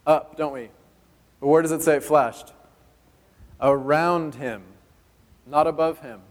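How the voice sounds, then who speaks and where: Fast-talking pastor in a reverberant hall. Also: male voice, a little high. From California. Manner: fast-talking, conversational asides while reading. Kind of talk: sermon with Scripture reading. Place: church sanctuary.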